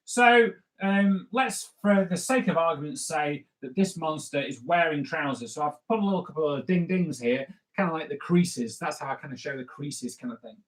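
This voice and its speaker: A man's voice: on the high side, moderate pace. A man, a comics artist, giving a live drawing lesson in a chatty, rambling way with jokey asides.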